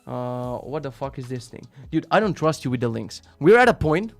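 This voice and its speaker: A man hosting a live stream, reading out viewer links and reacting in a casual, profane, sarcastic way, jumping between loud rants and muttered asides. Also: mid-range voice, big pitch swings, normal speed, no echo.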